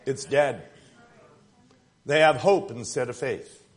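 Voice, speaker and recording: A man preaching a sermon in a conversational yet emphatic way, building up to forceful points and dropping to quiet asides. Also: medium pitch, slow. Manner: emphatic, conversational preaching with rising and falling intensity.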